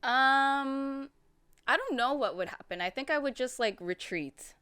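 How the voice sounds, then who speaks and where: Soft-spoken woman with lively pitch. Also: a little slow, smooth, no room sound. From Canada. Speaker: marketing company head, podcast guest. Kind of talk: casual podcast chat.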